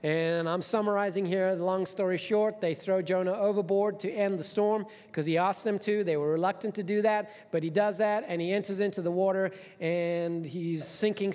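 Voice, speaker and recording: A male pastor preaching with a notably high voice, lively and storytelling in manner. His words ring out with long reverb from a large church hall. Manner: storytelling, animated, conversational asides. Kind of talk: sermon.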